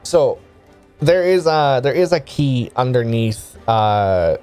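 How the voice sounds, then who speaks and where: A man's voice: medium pitch, animated, takes it slowly, darkish tone, smooth, faint music behind. A man running a tabletop game as game master, rambling casually, swearing freely and laughing often.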